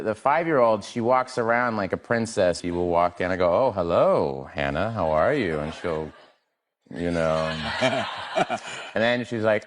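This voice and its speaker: A man on a talk show, telling an amused story about his young daughter. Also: low voice.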